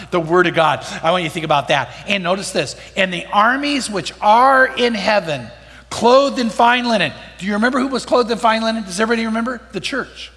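Bright-voiced pastor preaching in a reverberant hall. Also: male voice, sits high. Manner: storytelling with rhetorical questions to the congregation. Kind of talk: sermon. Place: church.

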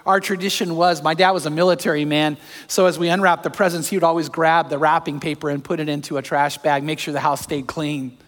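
A pastor preaching a sermon, telling personal stories that move from hushed to fervent. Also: male voice, fairly high pitch, steady tone, fairly quick, big-room sound.

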